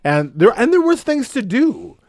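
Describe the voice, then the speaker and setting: A man's voice: extremely high pitch, sing-song, moderate pace, creaky, dry recording, clean studio sound. A middle-aged man co-hosting a podcast, chatting casually in a rambling way with many restarts and fillers. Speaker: podcast co-host. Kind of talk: casual chat.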